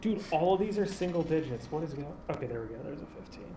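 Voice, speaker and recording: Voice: mid-range voice, expressive, quick pace. Wry teasing player at a tabletop game, roomy echo, sounds far from the mic with noise behind. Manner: wry, teasing, laughs often. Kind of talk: casual tabletop chat. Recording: echoey room, distant mic, background noise.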